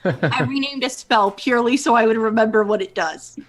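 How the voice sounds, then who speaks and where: A woman's voice: a little high, animated, brisk, crowd noise. A chatty woman at a tabletop game, asking rule questions with a joking, easygoing manner. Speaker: player. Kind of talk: casual tabletop play.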